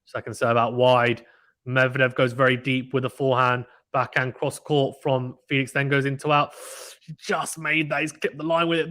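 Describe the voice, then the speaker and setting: A man streams live tennis commentary from home, talking casually into a desk microphone. He is chatty and excitable, jumping up in voice when a player misses. His pitch sits in an ordinary middle range. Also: moderate pace.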